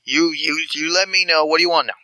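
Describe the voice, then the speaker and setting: A man's voice: on the high side, fairly even intonation, fast, pushed and bright, no echo, pitched above the performer's own voice, low-quality recording. A man voicing a scatterbrained, spindly male street informant who rambles and stammers affectionately. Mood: rambling.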